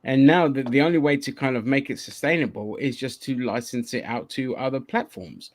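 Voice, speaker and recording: A man's voice: medium pitch, brisk. A man hosting a casual online chat show, rambling and swearing, with lots of restarts. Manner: profane, rambling, many restarts. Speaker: podcast host.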